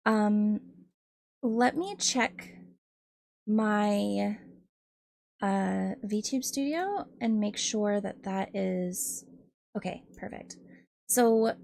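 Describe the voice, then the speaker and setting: A woman's voice: mid-range voice, very slow, vocal fry, pauses often, darkish tone, dry recording, clean studio sound. A woman streamer chatting casually with her viewers, giggling often and hesitating with lots of ums. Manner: giggly, laughs often between phrases; hesitant, many ums and restarts, admits nervousness.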